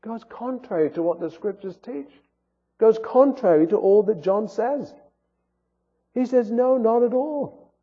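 A man's voice: high-pitched, expressive, measured pace, pauses often, breathy edge. A man, a pastor, delivering an earnest sermon with rising and falling emphasis, heard through a tinny, phone-like recording. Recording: phone-like sound with long hall reverb.

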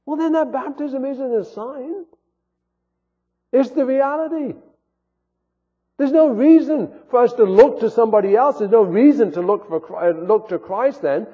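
A man's voice: extremely high pitch, normal speed, mellow, breathy edge. A man, a pastor, delivering an earnest sermon with rising and falling emphasis, heard through a tinny, phone-like recording. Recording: phone-like sound with long hall reverb.

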